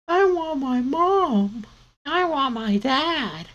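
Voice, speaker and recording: A man voicing a group of frightened little giant children in a squeaky, whiny kid voice while reading a comic aloud. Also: sing-song, slow pace, a little mellow, dull audio, heavily acted. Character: scared little giant children, boys and girls.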